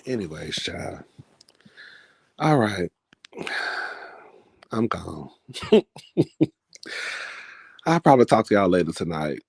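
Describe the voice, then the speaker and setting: A man's voice: sits low, sing-song, very slow, vocal fry, pauses often, slightly rough, no echo, studio quality. A man vlogging in a casual, chatty storytelling style, dramatic and full of asides. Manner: chatty, dramatic, keeps calling listeners "girl".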